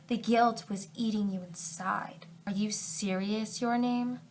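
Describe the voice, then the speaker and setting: A young woman reading fanfiction aloud for comedy, breaking off into sarcastic asides, dropping into whispers and jumping to loud outbursts. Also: mid-range voice, a little hiss or hum.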